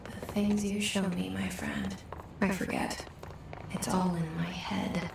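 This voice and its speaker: An actress playing a guarded young woman with a haunted inner voice, speaking in hushed, brooding tones. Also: fairly low pitch, steady tone, takes it slowly, gravelly, background noise, heavily acted. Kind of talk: whispered inner monologue. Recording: roomy, distant game audio. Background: game music.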